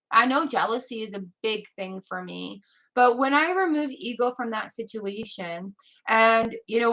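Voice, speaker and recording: A woman's voice: fairly high pitch, pushed and bright. A woman giving a live tarot reading, chatting casually and laughing often. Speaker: tarot reader.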